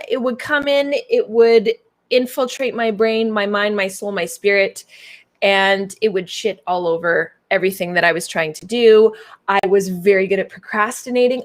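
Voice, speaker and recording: A playful, bubbly woman with a Canadian accent hosts a business coaching livestream. She talks casually to her viewers and tosses in silly made-up words. Her voice sits at a medium pitch for a woman. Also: measured pace.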